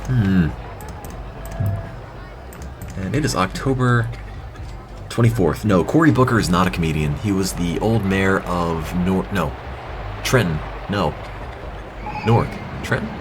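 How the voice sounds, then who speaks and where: A man's voice: sits low, normal speed. A man from New Jersey giving dry, sarcastic commentary while playing a video game. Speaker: let's play commentator. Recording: game music behind the voice.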